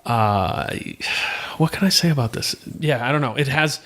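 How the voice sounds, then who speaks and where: A man co-hosting a podcast, chatting in a relaxed, agreeable way about records. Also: mid-range voice, normal speed. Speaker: podcast co-host. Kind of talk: casual chat about hardcore records.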